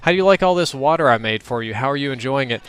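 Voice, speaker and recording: A man's voice: medium pitch, animated, fast, fairly bright tone, clear, resonant tone, close to an everyday voice. A man voicing a casual, friendly God in a joke about a fish, talking in a laid-back, chatty way.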